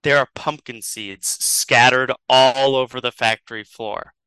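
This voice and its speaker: A man's voice: mid-range voice, steady tone, measured pace, pushed and bright, smooth, dry recording, poor audio. A man improvising a comedic story as a podcast host, rambling and chuckling as he goes.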